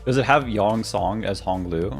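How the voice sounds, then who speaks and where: A man's voice: lowish voice, moderate pace, soft background music. A young man streaming a game, reading its dialogue aloud in playful voices and joking with his chat.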